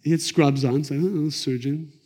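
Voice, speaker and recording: A middle-aged man teaching a class on Kabbalah, telling stories in a lively conversational way. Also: fairly high pitch, brisk, husky. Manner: animated, conversational, acts out quotes. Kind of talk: lecture storytelling. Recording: echoey lecture hall.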